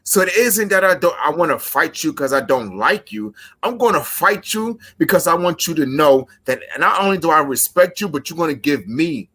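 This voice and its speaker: A man, a pro wrestler, cutting a measured, emphatic, confrontational promo at a rival. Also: on the high side, expressive, a bit bright, husky.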